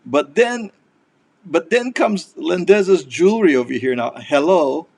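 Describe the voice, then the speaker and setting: Gravelly, laughing host. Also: male voice, fairly high pitch, expressive, unhurried. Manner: laughs often, warm teasing interviewer. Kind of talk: casual interview chat.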